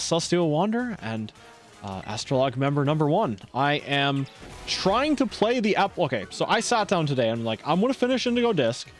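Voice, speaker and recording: A male streamer chatting casually while playing a game, rambling and lively. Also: on the high side. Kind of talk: casual gameplay chat.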